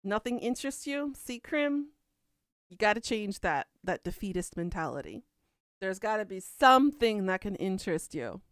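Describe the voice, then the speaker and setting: A woman's voice: medium pitch, sing-song, normal speed, a bit bright, dry recording, clean studio sound. A woman from Kentucky with a Southern US accent, chatting casually as a podcast host and answering viewer comments in a rambling way. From Kentucky, USA. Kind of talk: casual chat.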